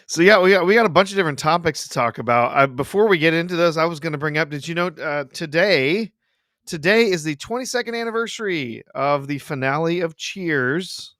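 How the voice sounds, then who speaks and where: Man, host, relaxed live-stream banter, resonant and dry. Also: fairly high pitch, brisk, no echo. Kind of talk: casual live-stream chat.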